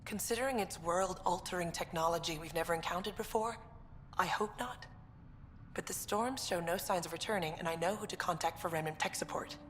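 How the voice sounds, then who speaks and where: A woman's voice: fairly low pitch, a little fast, a little hiss or hum, natural voice. An actress voicing a wry, matter-of-fact female research director in a video game. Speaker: game character. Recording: game audio with reverb and loud music.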